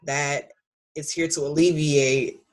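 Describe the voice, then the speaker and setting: A woman in her thirties, a podcast guest, talking candidly about raising her son, animated and leaping high when she quotes him. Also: slow. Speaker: podcast guest, author and speaker. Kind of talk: candid conversational storytelling.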